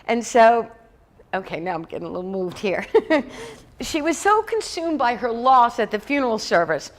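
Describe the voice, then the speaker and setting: A woman minister telling a story in a conversational sermon, with lots of "you know". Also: on the high side. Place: church sanctuary.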